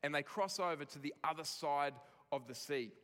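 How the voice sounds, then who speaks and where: A man preaching a sermon with a fairly high voice, expressive and varied. He drops soft on tender lines and lifts his voice to stress a point. A long hall reverb trails behind his words. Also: moderate pace. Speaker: pastor.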